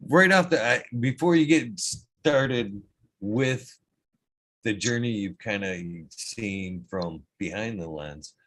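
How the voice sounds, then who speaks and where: Man, podcast host, lowish voice, casual chat, animated, swearing. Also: slow, poor audio. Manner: animated, swearing, loose interviewer.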